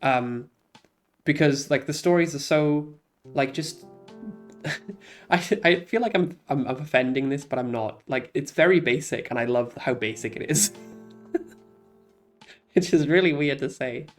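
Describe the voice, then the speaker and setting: A man talks casually on a stream, rambling through his thoughts with plenty of fillers, restarts and frequent laughter. His pitch sits in a middle range, and faint music plays quietly behind him. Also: measured pace, pauses often. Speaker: streamer ranking games. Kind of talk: casual chat.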